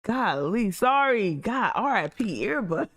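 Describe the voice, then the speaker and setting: A woman hosts a livestream in a mid-pitched voice. She talks loosely and bluntly, breaking into laughter and profane asides as she reacts. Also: big pitch swings, slow, a bit bright. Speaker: livestream host. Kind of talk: casual live commentary.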